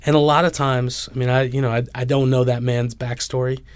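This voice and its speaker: A man's voice: medium pitch, flat delivery, fairly quick, clean tone, no room sound. Man with dry close-mic sound. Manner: thoughtful, many fillers and restarts. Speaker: interview guest, author. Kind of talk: reflective interview answers.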